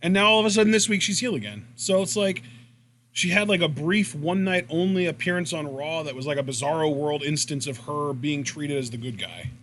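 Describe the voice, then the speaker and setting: Chatty man with slightly higher voice. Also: a little fast, a little hiss or hum. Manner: relaxed and chatty, laughs easily. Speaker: podcast co-host. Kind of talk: casual wrestling commentary chat.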